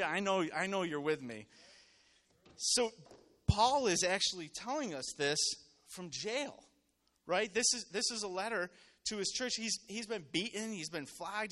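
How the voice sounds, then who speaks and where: A man's voice: sits high, bright, forceful tone. A man preaching a casual, conversational sermon to a congregation, telling everyday stories and asking the room to respond. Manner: conversational, storytelling, calls on congregation. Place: church hall with congregation.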